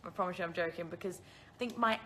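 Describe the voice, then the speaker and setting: Talking quickly in a lowish, fairly bright voice, this twenty-something British woman from the Isle of Man answers viewers' questions during a casual phone livestream. She laughs at herself a lot.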